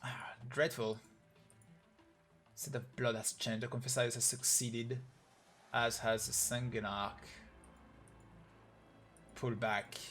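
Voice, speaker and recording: A man's voice: medium pitch, flat delivery, slow pace, long pauses, a bit bright, faint music behind. A man on a live stream reading a game's story aloud, voicing every character in his own voice and getting emotional.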